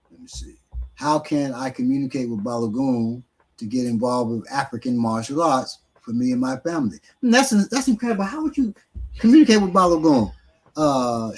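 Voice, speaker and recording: A blunt man who teaches martial arts, talking casually on a live stream. He speaks in a streetwise way, swears now and then and uses a lot of fillers. His voice sits at an ordinary middle pitch for a man. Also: low-quality recording.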